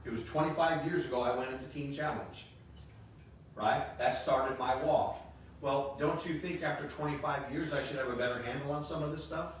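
A man in his fifties preaching a sermon as pastor, emphatic, repeating phrases and slipping in joking asides. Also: on the high side. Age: 50s. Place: church sanctuary. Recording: echoey hall, distant mic, faint hiss.

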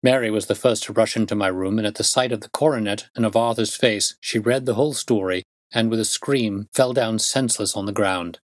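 Low-voiced male storyteller, dry sound. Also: fairly quick, dry recording. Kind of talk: audiobook narration.

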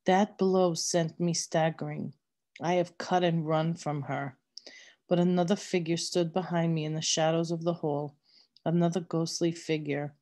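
Woman narrator for a read-aloud novel; low, unhurried, mellow delivery. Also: fairly even intonation. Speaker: reader.

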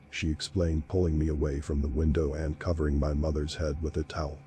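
A man reading a first-person horror story aloud in a steady, unhurried narration. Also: extremely low pitch, slight background noise. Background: faint background music.

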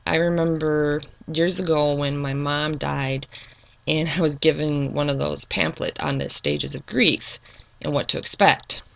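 A middle-aged woman talking earnestly and hesitantly in a personal video monologue, pausing with frequent ums. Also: deep voice, steady tone, vocal fry, lo-fi sound. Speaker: YouTube channel creator.

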